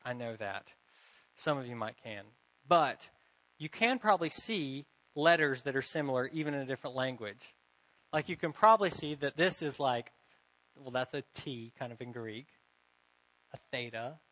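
A man's voice: medium pitch, a bit bright, poor audio. A man teaching a Bible lesson, reading passages aloud and explaining them with occasional self-corrections. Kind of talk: lecture reading and explaining scripture.

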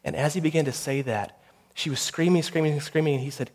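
A man, the pastor, delivering a sermon that builds to intense storytelling and closes in a quiet prayer. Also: mid-range voice, fairly quick, few pauses, slightly rough.

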